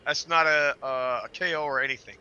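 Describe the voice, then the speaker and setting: A man hosting a casual livestream chat, excitable and quick to laugh, swearing freely. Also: fairly high pitch, clear, resonant tone, muffled recording. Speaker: livestream host.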